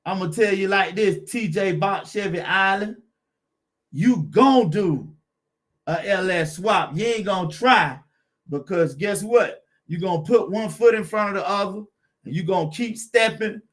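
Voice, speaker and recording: A man's voice: high voice, a little slow, a bit bright. A man hosting a car channel live stream, chatting with viewers in a laid-back, encouraging way and greeting them by name.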